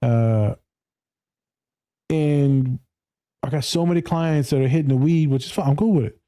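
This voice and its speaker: A male therapist talking on a podcast in a blunt, profane way. He laughs often and mimics his clients in higher voices. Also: moderate pace, warm tone, clean tone. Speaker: therapist and speaker. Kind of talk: casual podcast conversation.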